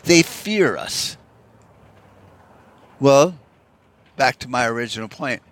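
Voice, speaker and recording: A man's voice: medium pitch, expressive, slow, fairly bright tone. A man delivering a heated, profane, rambling monologue as a podcast host. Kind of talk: casual rant monologue.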